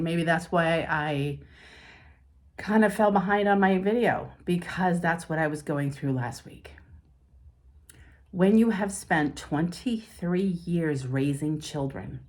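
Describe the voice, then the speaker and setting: A middle-aged woman, a spiritual life coach, talking candidly and confidingly through her own feelings. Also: sits low. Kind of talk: personal talk to camera.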